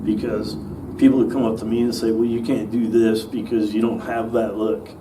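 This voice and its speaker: A man's voice: fairly low pitch, little pitch movement, moderate pace. A man, an actor, telling stories about his work in a casual interview, rambling with fillers and restarts. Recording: distant mic with faint noise.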